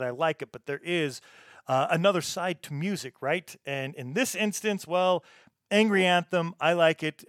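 A man's voice: on the high side, dry recording, studio quality. A man hosting a punk music podcast, introducing songs in an easygoing, chatty way with frequent "uh" fillers. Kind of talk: casual radio-show DJ talk.

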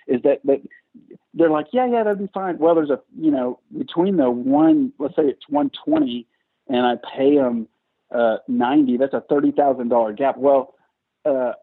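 A man guest in an interview, telling his story in a lively, self-mocking, chatty way. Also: mid-range voice, breathy edge. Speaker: guest entrepreneur. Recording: tinny phone-like line, dry.

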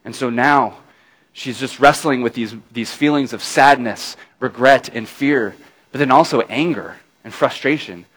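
A male preacher with a mid-pitched voice delivers a sermon as a dramatic retelling. He drops to a near-murmur for the tender moments, then lifts again, drawing his listeners in with questions like "right?" and "don't they?". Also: unhurried, a bit bright, poor audio. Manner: addresses listeners with tag questions.

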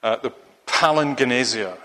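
A man's voice: mid-range voice, moderate pace, pushed and bright, long reverb tail. A man preaching a sermon, rambling and restarting his sentences often. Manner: rambling, with many restarts and fillers.

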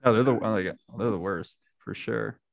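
A man's voice: lowish voice, moderate pace, gravelly, no room sound. Man hosting a casual football chat. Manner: laughs often, rambling with restarts.

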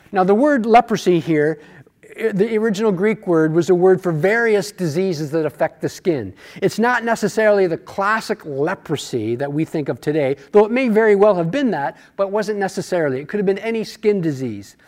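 A man's voice: sits high, lively intonation, normal speed, darkish tone. A man teaching a Bible study class, talking through a passage conversationally and asking rhetorical questions.

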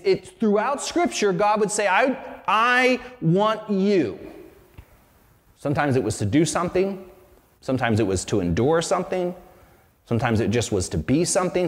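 Earnest preacher man in a reverberant hall. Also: a little high. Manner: earnest, conversational with frequent restarts. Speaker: pastor. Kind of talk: sermon.

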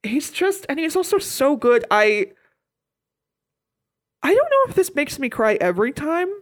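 A woman's voice: sits high, sing-song, a little slow. A woman co-hosting a podcast, gushing and playful in casual conversation. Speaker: podcast co-host. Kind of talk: casual chat.

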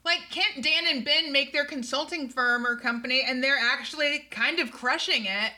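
Woman, casual chat, bright tone, higher pitch, lively retelling. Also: moderate pace. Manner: animated, laughing, swearing, acting out quotes.

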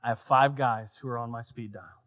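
A man preaching a sermon, swinging between loud emphatic lines and quiet, soft passages. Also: medium pitch, steady tone, normal speed. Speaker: pastor.

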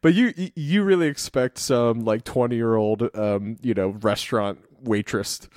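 A man's voice: mid-range voice, unhurried, a little mellow, no echo, clean studio sound. A man from Ohio chatting casually as a podcast co-host, rambling with lots of fillers and laughing often. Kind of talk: casual conversation.

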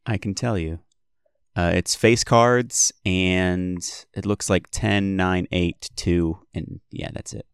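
A man's voice: low voice, fairly even intonation, slow pace, smooth, no echo, studio quality. A man playing a tabletop game who reads out and explains the rules in a casual, easy way. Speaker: player.

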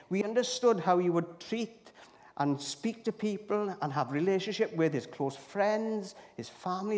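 Male preacher, higher voice, chatty sermon with lots of questions to the room, long church-hall reverb. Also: a little mellow. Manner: chatty, keeps asking the congregation questions. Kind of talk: conversational sermon. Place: church, also streamed to viewers at home.

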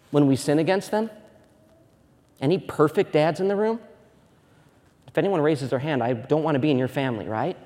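A man in his thirties preaching a sermon as a pastor, moving between loud emphatic preaching and quiet, hushed storytelling. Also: fairly high pitch, long reverb tail. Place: church sanctuary.

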